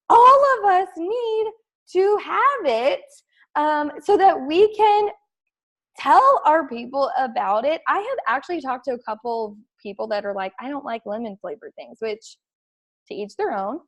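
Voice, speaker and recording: A woman with a drawl leads her fitness team through a casual call. Her voice sits a little high, and she talks in an excitable, rambling way, scattering "like" through almost every sentence. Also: a little slow. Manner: chatty and excitable, heavy use of "like".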